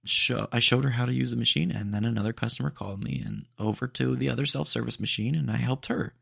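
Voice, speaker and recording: A man's voice: medium pitch, expressive, quick pace, gravelly, fairly bright tone, slightly rough, dry recording, studio quality. A man hosting a podcast, chatting casually and rambling with lots of fillers and laid-back slang. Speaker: podcast host.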